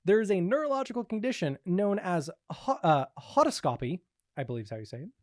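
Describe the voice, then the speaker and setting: A man co-hosting a podcast, talking in a casual, animated way, laughing often and swearing while he explains a topic. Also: high-pitched, fast, dry recording, studio quality. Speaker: podcast co-host presenting the topic.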